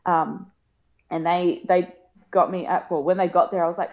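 A woman, telling a personal story in a casual chat, emotional and laughing often, acting out quoted lines in a higher voice. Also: moderate pace, a little mellow. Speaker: guest. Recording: dull lo-fi podcast sound.

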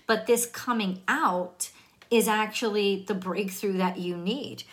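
Woman, tarot reader, casual and chatty, mid-pitched voice. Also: slow pace. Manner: chatty, laughs, restarts often.

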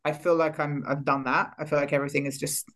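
Low-pitched and flat in delivery, this woman talks fast. As an energy healer and coach appearing on a casual podcast, she reflects aloud and keeps looping back as she hunts for the right phrasing.

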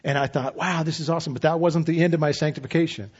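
A man in his fifties preaching a sermon as pastor, relaxed and conversational with self-deprecating humor. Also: fairly high pitch, fast, husky, highs cut off.

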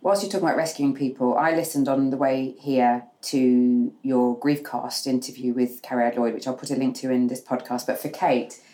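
Lady podcast host, deep warm voice, gentle and chatty. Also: steady tone, moderate pace, hardly any pauses, poor audio. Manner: gentle, chatty, murmurs agreement. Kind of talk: interviewing, casual chat.

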